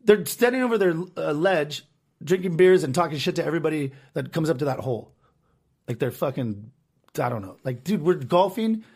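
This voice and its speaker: A young man co-hosting a podcast, telling a profane, animated story full of acted quotes. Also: a little high, brisk, slightly rough. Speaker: podcast co-host. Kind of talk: casual storytelling chat.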